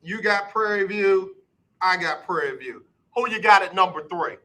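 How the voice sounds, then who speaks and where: A man hosting a casual sports talk radio show, quizzing his guest in a brisk, repetitive rhythm. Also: sits high, expressive, sharp tone, rough recording.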